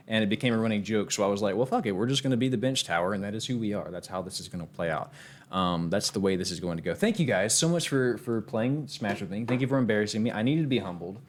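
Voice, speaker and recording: A man streaming a fighting game, chatting casually with viewers and trash-talking his opponents with plenty of swearing. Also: medium pitch. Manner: excitable, profane trash talk to chat. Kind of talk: casual live-stream gameplay commentary.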